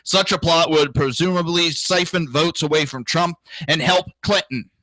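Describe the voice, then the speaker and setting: A man's voice: a little high, normal speed, bright, forceful tone, no echo, poor audio. A man hosting a political talk show, ranting crudely and indignantly, with profanity and mocking impressions of others. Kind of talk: ranting solo commentary.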